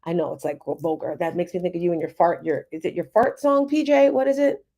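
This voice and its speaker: A woman in her fifties hosting a casual livestream, telling personal stories in a chatty, animated way. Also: fairly low pitch, fast, highs cut off. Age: 50s. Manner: chatty, animated storytelling with laughs. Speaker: livestream host, confidence coach. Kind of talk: casual group livestream talk.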